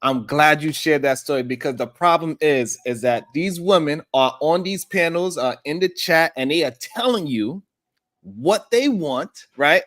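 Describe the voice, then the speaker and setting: A man's voice: fairly high pitch, expressive, a little slow, a bit bright, no echo. A man on a podcast panel, making his point in an emphatic, argumentative way. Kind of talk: casual chat.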